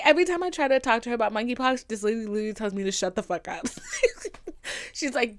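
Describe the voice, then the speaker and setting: A young woman hosting a comedic solo podcast, telling stories in a sassy, profane, dramatic way that jumps from loud exclamations to hushed whispers. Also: a little high, quick pace. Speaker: podcast host.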